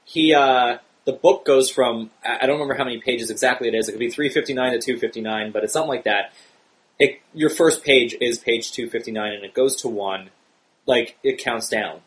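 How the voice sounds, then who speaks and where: Casting: podcast host, man with a mid-range voice, animated and excitable. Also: fairly quick, poor audio. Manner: animated, excitable, jumps high in pitch when worked up. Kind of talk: casual podcast chat.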